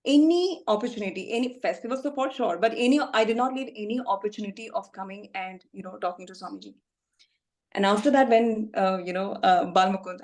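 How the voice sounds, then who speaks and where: A woman's voice: fairly high pitch, a little mellow. A woman talks over a video call, telling a personal story in a chatty way, full of fillers and laughs. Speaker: class participant sharing testimony.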